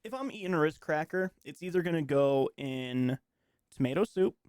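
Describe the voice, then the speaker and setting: A man's voice: fairly high pitch, expressive, normal speed, a little mellow, clean tone, no echo, clean studio sound. A man co-hosting a live stream, rambling casually with lots of fillers. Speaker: stream co-host. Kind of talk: casual chat.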